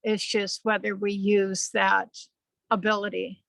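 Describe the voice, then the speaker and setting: A woman on a video call sharing a spiritual experience, rambling and animated, with playful asides. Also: mid-range voice, a little slow, vocal fry, dry recording, low-quality recording. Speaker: spiritual channeler.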